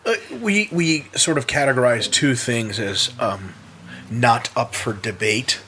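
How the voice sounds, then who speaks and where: A man's voice: medium pitch, a little slow, bright, forceful tone, a little hiss or hum. A man from the United States, a podcast guest in casual chat, blunt and jokey, swearing freely. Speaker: podcast guest, sports scientist.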